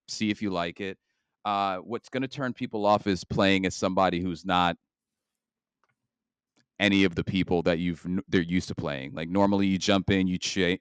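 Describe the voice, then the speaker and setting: A man's voice: low voice, clear, resonant tone, dry recording. A man co-hosting a casual gaming podcast, talking at length with many fillers and restarts. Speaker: podcast co-host.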